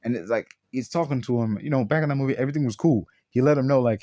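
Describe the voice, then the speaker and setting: A man tears into a film in an exasperated, profane rant, piling up rhetorical questions. His voice sits at a middling pitch. The recording is dry and close, with no room sound. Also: fast, hardly any pauses, warm tone, no room sound. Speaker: film reviewer. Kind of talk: profane ranting movie review.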